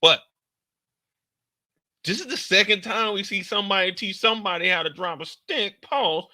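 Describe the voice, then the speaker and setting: Animated, profane man, bright high voice. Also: normal speed, no room sound. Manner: animated, profane, acts out scenes in high squeals and shouts. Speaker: TV show reaction commentator. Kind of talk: casual reaction commentary.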